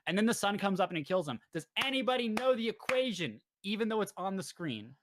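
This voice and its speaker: A young man casually recapping a show for his co-hosts, rambling and jokey, slipping into quick character voices. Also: high-pitched, very animated, a bit bright, no echo. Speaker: podcast host presenting slides.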